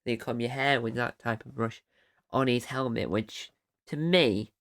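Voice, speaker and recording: A man's voice: mid-range voice, measured pace, gravelly, a bit bright, dry recording, studio quality. A man hosting his own podcast, recapping an episode in a casual, rambling way and often correcting himself mid-sentence. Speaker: podcast host.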